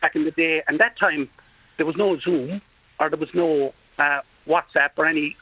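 Man, Kerry Irish accent, radio caller, chatty and rambling, high bright voice, dry lo-fi sound. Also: normal speed, slightly rough, no echo. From Ireland, Kerry. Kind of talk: casual phone-in chat. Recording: dull lo-fi radio phone-in.

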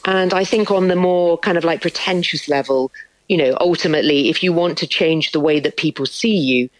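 Brisk candid woman in a radio interview. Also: low-pitched, no echo, low-quality recording. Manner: brisk, candid, lively storytelling. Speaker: guest, former TV news producer.

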